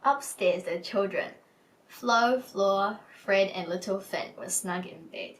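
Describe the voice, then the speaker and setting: A woman hosting a book club episode, reading a children's picture book aloud in a gentle storytelling manner. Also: mid-range voice, takes it slowly, far from the mic, a little hiss or hum, low-quality recording. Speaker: storybook reader.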